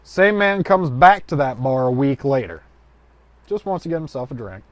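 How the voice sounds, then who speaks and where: A man's voice: medium pitch, sing-song, moderate pace, no room sound. A man telling a joke in a loose, colloquial storytelling way with rambling asides. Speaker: joke teller.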